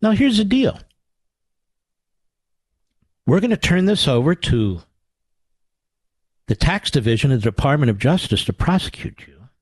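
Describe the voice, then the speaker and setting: A man's voice: on the high side, very animated, measured pace, long pauses, husky, no echo, exaggerated voice. A man doing a cold, condescending tax official. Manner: bureaucratic, clipped, condescending.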